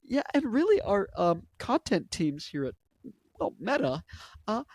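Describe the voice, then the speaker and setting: A man doing a comic impression of a male tech executive, with a raised voice and constant "uh" pauses. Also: high-pitched, sing-song, a little mellow, no echo, studio quality, voice pushed up, exaggerated voice. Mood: awkward. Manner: halting, full of "uh" pauses.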